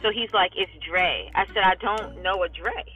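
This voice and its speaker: A woman talking bluntly and profanely in a casual vlog monologue from her parked car, telling animated stories. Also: lowish voice, moderate pace, slightly rough, faint music behind, rough recording. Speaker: vlogger.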